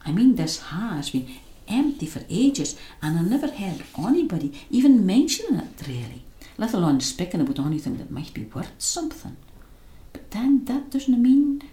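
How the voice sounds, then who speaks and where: A woman's voice: medium pitch, big pitch swings, normal speed, dark tone, pitched above the performer's own voice, close to an everyday voice. A woman with a Scots accent voicing a nervous young boy in a storybook reading. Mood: uneasy. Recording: roomy echo.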